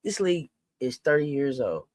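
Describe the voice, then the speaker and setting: A sports talk host giving heated casual commentary, profane and swinging from quiet to shouting. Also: mid-range voice, big pitch swings, moderate pace, dry recording.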